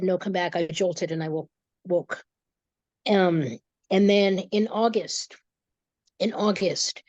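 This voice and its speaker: A woman, a guest in an interview, telling a personal story with emotion, halting and restarting often. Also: on the low side, darkish tone, no room sound. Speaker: guest, energy reader.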